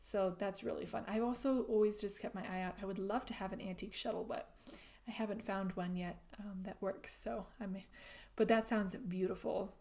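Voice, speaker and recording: A woman's voice: medium pitch, steady tone, moderate pace, gravelly. A woman hosting a casual craft livestream, chatting easily as she reads out viewer comments and tends to trail off mid-thought. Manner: chatty, warm-hearted, trails off and restarts. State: out of breath. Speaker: livestream host.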